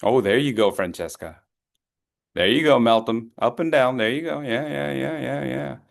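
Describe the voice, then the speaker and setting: In a creaky, medium-pitched voice at a moderate pace, a fifty-something man leads an interactive public speaking workshop. He's playful and encouraging, addressing people by name as he coaches.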